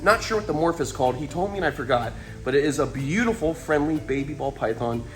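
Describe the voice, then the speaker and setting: An enthusiastic man hosting an animal vlog, breaking into high excited exclamations. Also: fast talker, echoey room, soft background music. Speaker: reptile keeper and show host.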